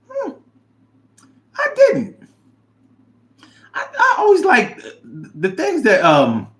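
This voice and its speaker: A man hosting a casual livestream, reading viewer comments aloud and reacting with animated, chat. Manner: animated, drops to low mumble reading comments.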